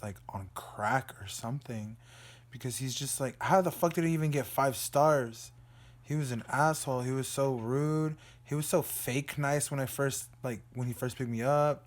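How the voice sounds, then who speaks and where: A young man from Dallas, Texas, records an emotional video diary in his room. He vents in an agitated, profane way, and at times his voice sinks to a low, weary murmur. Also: moderate pace. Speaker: vlogger.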